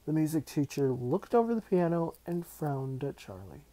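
A man reading a children's novel aloud in an unhurried, even storytelling manner. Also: on the high side. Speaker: audiobook reader.

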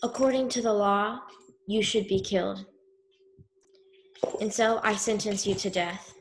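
Stern male judge, voiced by a woman, cold, formal, slow. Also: mid-range voice, slight background noise, close to an everyday voice, low-quality recording. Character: stern male camp judge passing sentence.

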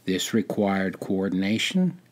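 An older man reading his own memoir aloud in a measured, deliberate storytelling manner. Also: sits low, sing-song. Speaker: memoir narrator.

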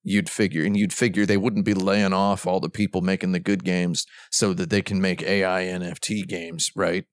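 A man co-hosting a podcast, rambling through wry, deadpan jokes in casual chat. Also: sits low, normal speed. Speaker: podcast co-host.

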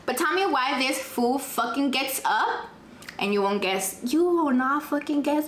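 A young woman, telling a dramatic storytime in casual chat, profane and animated, dropping in Spanish phrases. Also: high voice, unhurried, slight background noise. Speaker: vlogger. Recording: echoey room, faint ambience.

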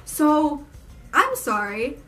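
A woman's voice: sits high, very animated, extremely slow, fairly bright tone, soft background music. A young woman telling a personal story on her vlog, frank and emphatic, swearing freely. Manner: frank and profane, lots of swearing; fired up and emphatic. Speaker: vlogger.

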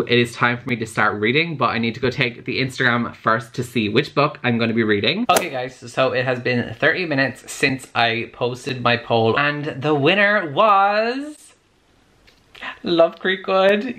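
A man's voice: mid-range voice, sharp tone. A man with an Irish accent chatting enthusiastically to camera as a book vlogger, with lots of "like" fillers. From Ireland. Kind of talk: casual vlog chat.

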